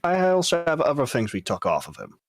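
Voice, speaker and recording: A man's voice: mid-range voice, wildly swooping pitch, brisk, no echo. A man plays a tabletop game in character, casual and curious. His voice moves up and down a lot. The sound is close and dry. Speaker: player. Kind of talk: in-character tabletop role-play.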